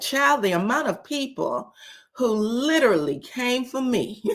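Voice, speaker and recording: Talk to your viewers like a sassy woman hosting commentary at a mid-pitched voice. Keep it loose and animated, with little chuckles and plenty of "child" and "um". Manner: frequent chuckles and filler "um". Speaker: host of a reality TV commentary channel. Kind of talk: casual commentary monologue.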